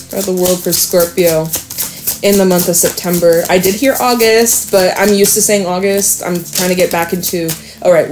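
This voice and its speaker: A woman's voice: medium pitch, a little mellow. A woman reading tarot cards to camera in a casual, chatty way, laughing often and reassuring her viewers. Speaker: tarot reader.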